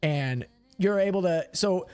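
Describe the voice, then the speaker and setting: High-voiced casual male game master. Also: measured pace, a little mellow, clean tone, no echo. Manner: casual, filler-heavy narration. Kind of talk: narrating a tabletop game.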